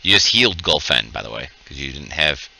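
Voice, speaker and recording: Deep, bright-toned male game master. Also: fairly quick, creaky, no room sound. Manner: relaxed, chuckling, calls out hits and rulings. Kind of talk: running an online tabletop game.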